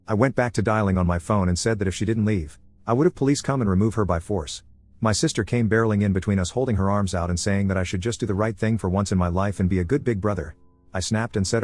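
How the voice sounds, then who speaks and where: A man's voice: on the low side, quick pace, a little mellow, soft background music. A man narrating a first-person online story in a blunt, swearing way.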